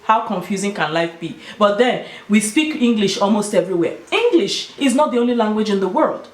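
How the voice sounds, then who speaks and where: A woman's voice: mid-range voice, expressive, fairly quick. A Nigerian woman with an Igbo-tinged accent, talking casually and emphatically to her vlog audience. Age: adult with children. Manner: emphatic, explaining and storytelling. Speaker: YouTuber. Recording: echoey room.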